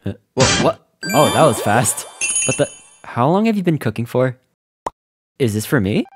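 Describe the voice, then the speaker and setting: A man voicing his own cartoon character in excitable, quick reactions, full of surprised outbursts, over background music. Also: mid-range voice. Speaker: host and animator of a game cartoon. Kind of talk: animated cartoon voice acting.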